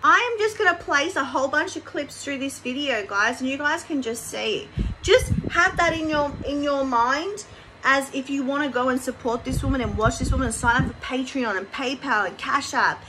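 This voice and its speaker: A woman's voice: sits high, moderate pace, background noise. A woman hosting a casual commentary vlog, rambling with many fillers and restarts. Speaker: commentary channel host.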